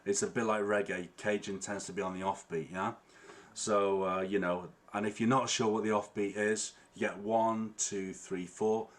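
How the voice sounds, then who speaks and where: Chatty harmonica teacher, a man with a lowish voice. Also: level tone, normal speed. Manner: chatty, checks in with frequent "yeah?". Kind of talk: online music workshop. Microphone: online stream with latency. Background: guitar playing.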